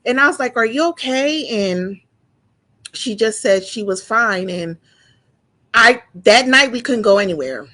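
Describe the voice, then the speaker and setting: A woman in her forties telling a painful personal story, halting and emotional, with frequent restarts and repeated words. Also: mid-range voice, expressive, pushed and bright. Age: 40s. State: emotional, close to tears. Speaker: guest sharing her story.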